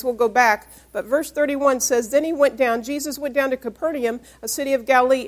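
High-voiced woman preaching with emphasis. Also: darkish tone. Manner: emphatic, call-and-response questions. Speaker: pastor. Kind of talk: sermon.

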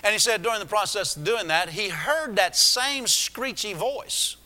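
A man's voice: sits high, expressive, moderate pace, bright, forceful tone. A man preaching a sermon, retelling a story with many restarts and asides. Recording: echoey hall.

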